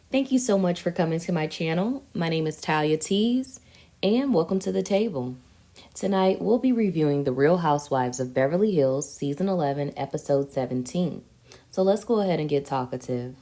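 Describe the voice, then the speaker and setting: Sassy low-voiced woman recapping TV. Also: dark tone. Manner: sassy, slangy and chatty. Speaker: TV recap vlogger. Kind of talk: casual chat recapping a reality show.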